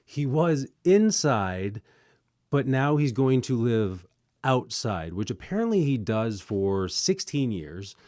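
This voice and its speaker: A man's voice: medium pitch, no echo, studio quality. Sarcastic man reviewing a movie. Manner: sarcastic, animated, quick asides.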